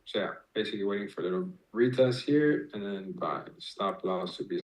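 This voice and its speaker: A man's voice: fairly low pitch, fairly quick, hardly any pauses, poor audio. A man streaming live, talking a chat through chart setups and trade entries, swearing freely and calling out viewers. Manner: explains chart setups step by step. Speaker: trading streamer.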